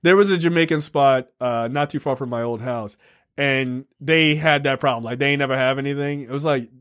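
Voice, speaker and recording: A man talks loosely on a podcast, swearing freely and wandering between thoughts with plenty of fillers. His voice sits at a middling pitch. The sound is dry and close with little room in it. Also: a little fast, a bit bright, clear, resonant tone, no room sound. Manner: profane, laid-back, rambling with fillers. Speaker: podcast co-host. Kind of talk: casual chat.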